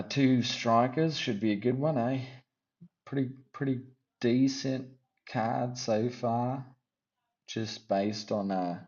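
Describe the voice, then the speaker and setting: A man with a lowish, mellow voice rambles through his fight picks in a loose, joking way. He keeps tacking "eh?" onto his thoughts, and the recording sounds dull and lo-fi. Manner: rambling, jokey, tossing in "eh?" and "what can you do". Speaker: host of a fight prediction channel. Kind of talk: casual solo fight-pick commentary.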